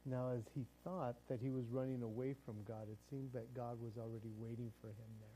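Mellow-voiced pastor preaching casually. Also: male voice, medium pitch, level tone, fairly quick, slight background noise, low-quality recording. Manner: conversational preaching, repeats words, chuckles. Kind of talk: sermon.

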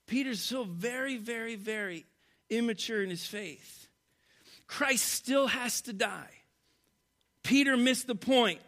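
A pastor preaching to a congregation from a church stage, swinging between loud, animated passages and hushed, quiet ones. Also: male voice, extremely high pitch, takes it slowly. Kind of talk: sermon.

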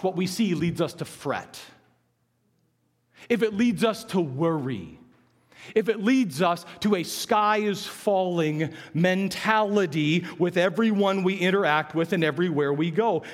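A man preaching a sermon as pastor, shifting from forceful emphasis to hushed words and calling for responses from the congregation. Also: on the high side, husky. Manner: swings from loud emphatic preaching to hushed near-whispers. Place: church sanctuary. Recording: long hall reverb.

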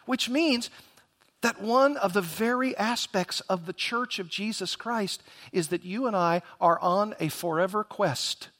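A man's voice: high-pitched, a bit bright. A man preaching a sermon as pastor, earnest and emphatic, with rhetorical questions to the congregation.

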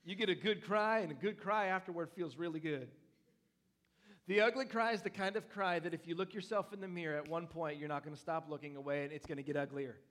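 A young man preaches a lively sermon in a church. His voice sits a bit above the usual pitch, and he moves from loud bursts to softer asides with a playful touch. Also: quick pace. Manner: animated, playful preaching with lively swings in loudness. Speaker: pastor.

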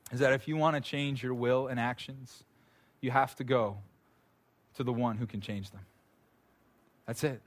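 A man with a mid-range voice gives an earnest, conversational sermon to a room full of people. He talks informally and restarts often, stacking fillers and repeated phrases as he goes. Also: medium pitch. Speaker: pastor. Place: room with a gathered audience.

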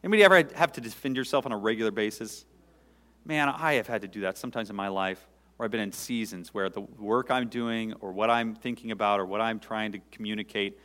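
A male pastor preaching a sermon, swelling loud and high for emphasis, then dropping to quiet, intimate asides. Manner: dynamic preaching, sudden rises in pitch and volume, dropping to quiet asides. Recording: long hall reverb.

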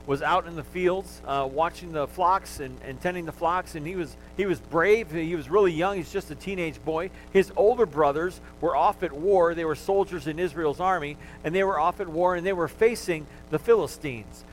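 A man's voice: fairly high pitch, slight background noise, low-quality recording. A male pastor preaching a sermon, talking to the congregation in a conversational way and joking with them.

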